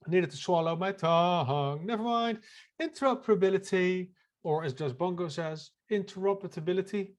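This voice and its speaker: A man's voice: on the high side, normal speed, few pauses. A man co-hosting a casual podcast, joking around and reading text aloud, often stumbling over his words. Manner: jokey, stumbles and repeats words. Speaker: podcast co-host.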